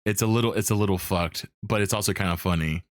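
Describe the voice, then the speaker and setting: A man hosting a casual chat, telling animated stories, acting out characters, swearing and laughing often. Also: fairly low pitch, fast, no room sound, clean studio sound. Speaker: host.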